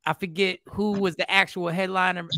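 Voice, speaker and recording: A man telling a funny story in casual chat, self-mocking and relaxed. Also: high voice, moderate pace. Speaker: podcast co-host.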